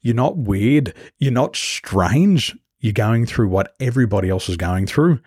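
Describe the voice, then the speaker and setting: A man's voice: mid-range voice, animated, a little slow, darkish tone, husky, dry recording, studio quality. A man who is a business coach, telling stories as a guest in an interview and acting out the voices of the people he quotes. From Australia. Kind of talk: storytelling interview.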